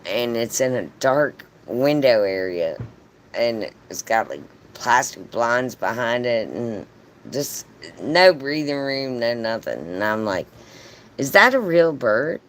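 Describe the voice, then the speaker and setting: Male live streamer, casual storyteller, salty language, drawn-out delivery with lively pitch swings. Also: slight background noise. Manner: chatty, profane, laughs often.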